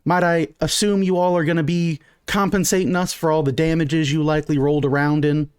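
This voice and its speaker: A man's voice: on the high side, steady tone, brisk, a little mellow, clean tone, no room sound, studio quality, natural voice. A man playing a bossy, folksy middle-aged mother. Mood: stern. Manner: bossy, folksy drawl, fussy scolding. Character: stern middle-aged townswoman, sharp-tongued mother.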